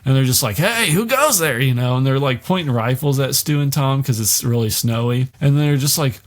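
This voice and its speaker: A man's voice: medium pitch, steady tone, brisk, darkish tone. A man hosting a podcast, recapping a miniseries in a loose, casual way, with plenty of swearing and fillers like "like" and "you know.". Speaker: podcast host.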